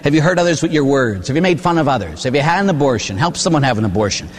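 A man's voice: mid-range voice, rapid-fire. An older man preaching a sermon as a priest, his voice carrying a long reverb through a large hall. He tells his stories with animation, acting out the voices of the people in them. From Pittsburgh area, USA. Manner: animated storytelling, acting out penitents.

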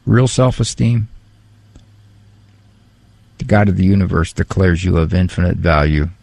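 A man who is a psychologist, giving a casual talk on parenting and faith, animated and fond of mimicking voices for humor. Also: low voice, unhurried, gravelly, dry recording. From Italian heritage.

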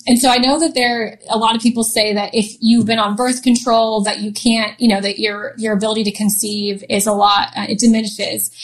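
A woman in her thirties telling a personal story as an interview guest, chatty and often laughing, with many fillers. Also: fairly high pitch.

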